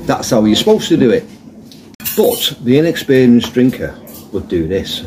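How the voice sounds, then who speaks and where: Grumbling chatty man, lively pitch. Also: normal speed, crowd noise. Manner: chatty, grumbling, dry humour. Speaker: pub vlogger. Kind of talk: casual comic monologue to camera. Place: pub.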